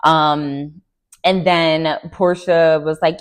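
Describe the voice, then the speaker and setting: A woman giving sassy, opinionated recap commentary on a reality show with lively slangy asides. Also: on the low side, a little slow. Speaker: recap vlogger.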